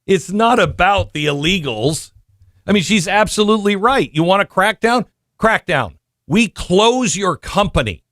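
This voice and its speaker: A man hosts a commentary podcast in a slightly high voice that swings widely in pitch. He drives his points home by repeating short phrases. The sound is close and dry. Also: expressive, unhurried, fairly bright tone, dry recording. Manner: emphatic, repeats phrases for punch. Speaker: podcast host.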